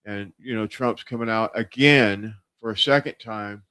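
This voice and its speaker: A man's voice: on the low side, moderate pace, bright, forceful tone, clean tone. A man hosting a casual political livestream, rambling with lots of fillers and restarts. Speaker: livestream show host. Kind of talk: casual political talk show.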